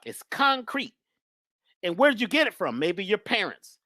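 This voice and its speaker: A woman's voice: fairly high pitch, sing-song, normal speed, fairly bright tone, no echo, studio quality. A woman guest speaker talking in an emphatic, preachy but casual way about spirituality and love. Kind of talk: spiritual talk, casual conversation.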